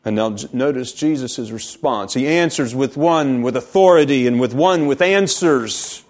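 A man preaching a sermon, reading scripture aloud and explaining it, slowing down to stress key words. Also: medium pitch, a little mellow. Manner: reads scripture aloud, then explains it with emphasis. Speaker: pastor.

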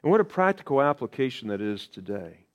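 A man's voice: mid-range voice, sing-song, brisk, highs cut off. A man preaching a sermon in a conversational way, repeating key phrases for emphasis.

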